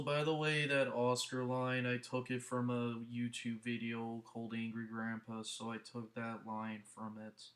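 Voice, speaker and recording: A man's voice: medium pitch, a bit bright. A man hosting a casual movie review vlog, talking earnestly in a rambling way with many restarts, into a headset mic.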